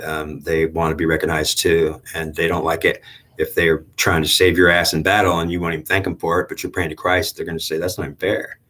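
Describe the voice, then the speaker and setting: Deep-voiced male host, casual and halting, rambling spiritual talk. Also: bright, forceful tone. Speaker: channel host.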